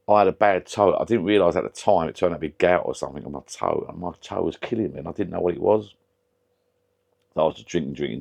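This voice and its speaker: A man with a very deep, low voice rambles casually into a camera mic from his garden shed pub. He drifts off on tangents and swears now and then, chatting away to his viewers. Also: darkish tone. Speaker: vlogger. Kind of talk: casual chat.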